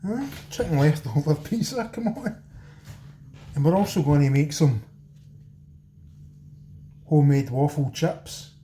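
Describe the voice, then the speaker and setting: A Scottish man with a fairly high, mellow voice talks his viewers cheekily through a home cooking job. His kitchen gives a roomy echo, with a faint hiss of noise behind him. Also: unhurried, pauses often. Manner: chatty, cheeky, talks straight to viewers as folks. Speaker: home cooking channel host. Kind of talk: casual cooking demo talk.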